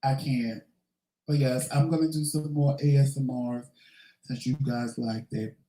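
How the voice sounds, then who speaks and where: A man's voice: mid-range voice, fairly even intonation, a little slow, dark tone, reverberant, poor audio. A man hosting a casual question-and-answer vlog, talking candidly and swearing now and then. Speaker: vlogger host. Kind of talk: casual Q&A chat.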